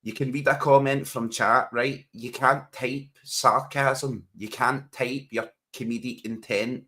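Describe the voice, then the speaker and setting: A man's voice: mid-range voice, fairly even intonation, measured pace, sharp tone. A man, co-hosting a casual podcast chat while watching a football match, joking and laughing often. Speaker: podcast co-host.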